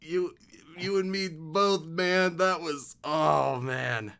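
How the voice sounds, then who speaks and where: A young man co-hosting a casual gaming chat, reacting enthusiastically with drawn-out exclamations. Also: a little high, creaky, sharp tone, smooth. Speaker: podcast co-host.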